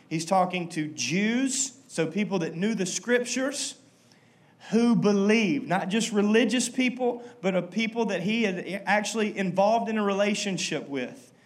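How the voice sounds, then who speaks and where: A man preaching a sermon as pastor, stressing key words slowly and breaking into quick asides, leading the congregation to repeat phrases. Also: sits high. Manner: emphatic, leads congregation in call-and-response.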